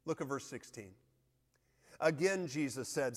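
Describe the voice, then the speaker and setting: Male pastor, earnest sermon delivery, mid-pitched voice, reverberant church hall. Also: lively intonation, moderate pace. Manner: earnest, reads scripture aloud with emphasis.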